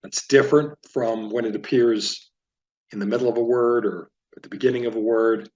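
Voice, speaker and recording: A man teaching a Biblical Hebrew reading lesson, patiently sounding out each word and then explaining it at a relaxed teaching pace. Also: medium pitch, muffled recording. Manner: patient, explanatory, repeats words slowly for learners.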